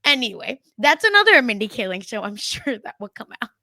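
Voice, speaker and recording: Animated young woman from India, dry sound. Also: a little high, fairly quick, no room sound. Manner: animated, laughing, acts out family quotes. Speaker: podcast co-host. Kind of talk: casual chat.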